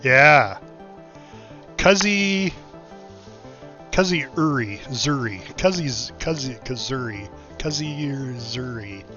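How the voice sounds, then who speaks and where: Man streamer, bright forceful voice, chatty gameplay commentary, dull lo-fi mic with faint music behind. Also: mid-range voice, lively intonation, slow, pauses often. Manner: chatty, thinking aloud with many fillers.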